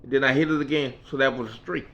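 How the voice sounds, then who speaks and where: A man's voice: medium pitch, steady tone, quick pace, gravelly, fairly bright tone. A man casually telling a personal story in a rambling, folksy way that often repeats itself. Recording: dull lo-fi recording.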